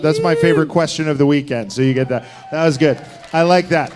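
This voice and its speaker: A man moderating a convention panel Q&A, joking in an easygoing way. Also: on the high side. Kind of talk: casual moderating. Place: convention hall.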